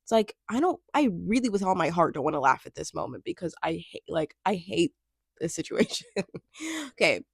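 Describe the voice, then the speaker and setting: Chatty young woman, lively sarcastic recap. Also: on the low side, a little fast, gravelly, slightly rough, dry recording, clean studio sound. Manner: chatty, laughs a lot, trails off and restarts, sarcastic asides. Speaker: show recap host. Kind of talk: casual chat.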